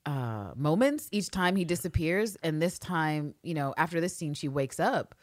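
A fairly low-voiced woman chatting on a podcast, cursing constantly and acting out the characters' lines. Close, dry sound with no room echo. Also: moderate pace. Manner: profane, animated, acts out quotes. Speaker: podcast co-host. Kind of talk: casual recap chat.

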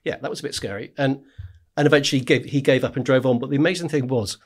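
A man's voice: mid-range voice, racing, breathy edge. A man, a war correspondent, telling stories in a casual podcast chat, with frequent "right?" asides and laughing as he talks.

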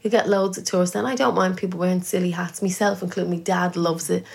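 A woman's voice: fairly low pitch, steady tone, fast, gravelly, a little mellow. An Irish woman, a guest musician, talking earnestly and thinking aloud with small restarts in a casual interview. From Ireland.

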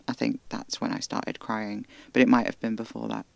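A man narrating a first-person horror audio drama in a hushed, intimate way, often slipping into breathy whispers. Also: fairly low pitch, flat delivery, normal speed, no room sound.

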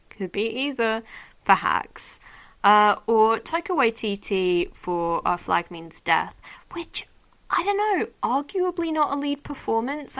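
Woman podcaster rambling thru her own awards show, super casual, lots of ums, mid-pitched voice. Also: a bit bright. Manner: chatty, gushing, rambling with many fillers. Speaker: podcast host. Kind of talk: casual solo awards chat.

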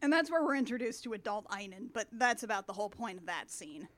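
A woman's voice: medium pitch, lively intonation. A young adult woman co-hosting a podcast, recapping a film in dry, sarcastic casual chat. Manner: dry, sarcastic, acts out characters in quick asides.

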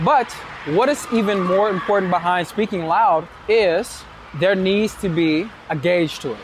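A man hosting his dating-advice show, talking straight to camera outdoors at night in a city, energetic and direct with some swearing. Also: high-pitched, measured pace. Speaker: dating coach and show host. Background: street noise, passing vehicles, distant shouting.

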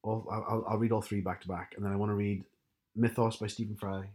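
A man's voice: fairly low pitch, flat delivery, fast, darkish tone. A man chatting casually, mostly giving brief supportive replies. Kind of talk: casual chat.

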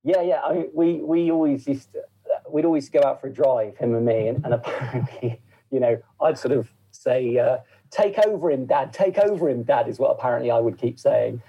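Guest: gravelly man, dark husky tone, loose rambling chat. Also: medium pitch, fairly even intonation, a little fast, lo-fi sound. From England. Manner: rambling, full of fillers and asides. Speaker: podcast guest. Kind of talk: casual interview chat.

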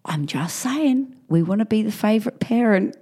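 A woman, co-hosting a casual chat, frank and quick to laugh, swearing freely. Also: mid-range voice, lively intonation, warm tone. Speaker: podcast co-host.

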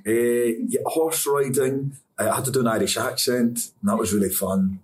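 Speaking with a steady tone at a moderate pace, a young Scottish actor rambles chattily through interview questions on his craft, laughing often. His medium-pitched voice is picked up by a distant mic with faint room ambience.

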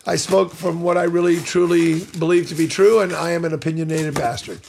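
Over a noisy crowd, a man with a slightly high voice and vocal fry talks briskly. He's an older voice actor guesting on an interview, chatting animatedly and opinionatedly, acting out the quotes of people in his stories.

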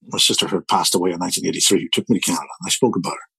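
Husky older Northern Irish man. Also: on the low side, quick pace, dry recording, poor audio. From Belfast, Northern Ireland. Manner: rambling, repeats words while telling a story. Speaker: interviewee. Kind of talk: storytelling conversation.

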